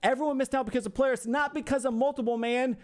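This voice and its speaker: High-voiced profane ranting man. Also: steady tone, very fast. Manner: sarcastic, talks back to imagined hecklers. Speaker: streamer reviewing a viewer's game roster. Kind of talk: mock-insulting livestream commentary.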